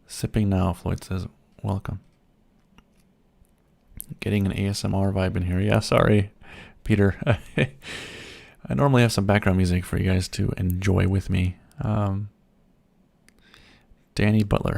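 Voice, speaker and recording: A man from Germany with a slight American accent hosts a relaxed livestream chat from home, and his voice carries a very heavy gravelly rasp. It sits fairly low. He talks easily, reads out viewer comments and answers them one by one. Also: unhurried, long pauses. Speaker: livestream host.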